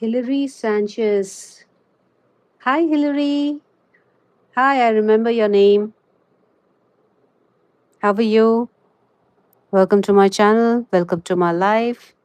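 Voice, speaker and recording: A woman's voice: fairly high pitch, a little mellow, no room sound. Chatty woman streaming a crochet lesson. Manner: chatty, fills pauses with "you know". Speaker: crochet livestreamer. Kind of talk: live crochet tutorial and chat.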